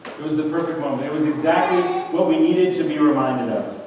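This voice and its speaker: A man's voice: fairly high pitch, fairly quick, darkish tone, slight background noise. A man preaching an earnest, emphatic sermon as pastor in a church sanctuary, building his points through repetition. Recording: echoey church hall from far off.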